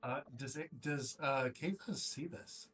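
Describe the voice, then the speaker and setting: Halting man playing a tabletop game. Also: medium pitch, fairly bright tone, faint music behind. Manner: halting, many fillers. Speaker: player. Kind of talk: casual chat at a tabletop game.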